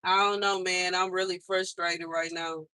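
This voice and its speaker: A woman's voice: lowish voice, level tone, moderate pace, bright, forceful tone, dry recording. A young woman hosting a livestream, venting in a frustrated, repetitive and emphatic way. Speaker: livestream host.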